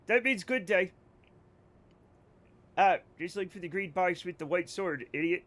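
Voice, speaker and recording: His high voice is bright and forceful, at a moderate pace. The American gamer is livestreaming, cracking jokes and rambling casually to his chat.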